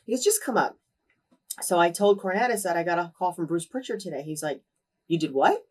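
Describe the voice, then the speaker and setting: Fast-talking woman telling stories. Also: fairly low pitch, distant mic. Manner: animated, acts out quoted voices, swears freely. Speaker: interview guest. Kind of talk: candid storytelling in a shoot interview.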